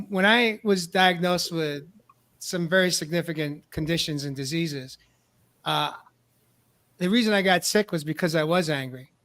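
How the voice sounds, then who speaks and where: A man's voice: fairly high pitch, fairly bright tone. A male host talking earnestly in a casual discussion, often repeating words as he starts a thought. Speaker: podcast host. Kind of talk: casual talk show discussion.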